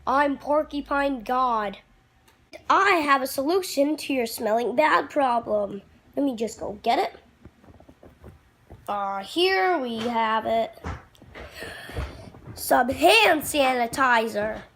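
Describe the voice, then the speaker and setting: A man voicing a slow, pompous porcupine god. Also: very high-pitched, a little hiss or hum, exaggerated voice. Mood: offhand. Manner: slow, drawn-out, grandly calm. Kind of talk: homemade puppet comedy.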